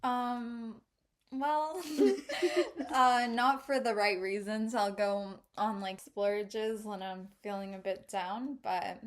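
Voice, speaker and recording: A woman's voice: medium pitch, steady tone, slow, slight background noise. A young woman co-hosting a casual podcast chat, reflective and a little hesitant, with lots of fillers. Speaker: podcast co-host.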